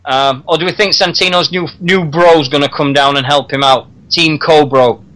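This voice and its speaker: A man's voice: a little high, steady tone, normal speed, fairly bright tone, poor audio. A man hosting a radio talk show, chatting casually and laughing often. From Britain. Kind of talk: casual wrestling chat.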